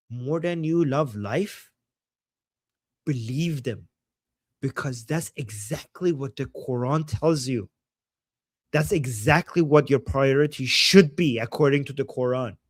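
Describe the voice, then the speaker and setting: A man from Iran, hosting a livestream and talking in a heated, profane way that often rises to shouting. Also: medium pitch, animated, slow, no room sound. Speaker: host. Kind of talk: livestream commentary.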